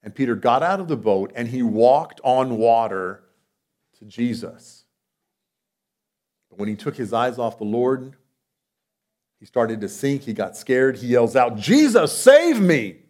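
A man's voice: measured pace, pauses often. Man preaching with dynamic swings. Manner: dynamic delivery, swinging between loud emphatic lines and soft low asides; conversational, with rhetorical questions and light laughs. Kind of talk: sermon.

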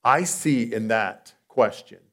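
Speaking slowly, a male preacher gives a sermon that feels conversational, with rhetorical questions. He moves back and forth between loud, emphatic lines and soft, low asides.

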